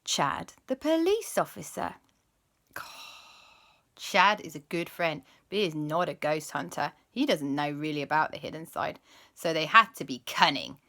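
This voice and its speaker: A woman telling a children's story as host, animated and dropping into spooky whispers. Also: low-pitched, measured pace.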